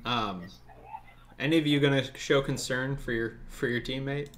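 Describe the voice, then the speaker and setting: A man narrating as dungeon master of a tabletop game, with many pauses and restarts. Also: mid-range voice, steady tone, fairly bright tone.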